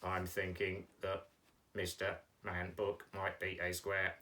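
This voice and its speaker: A man voicing a doubtful, contrary toy robot sidekick in a deeper, quieter voice. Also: monotone, slow pace, recorded from a distance, full character voice. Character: sceptical toy robot named Metal Mike.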